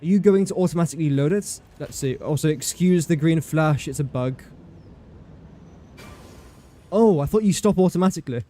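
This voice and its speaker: A man's voice: a little high, fast talker, dark tone. A man streaming live gameplay commentary, thinking aloud in a chatty way, talking to his game and to viewers in chat.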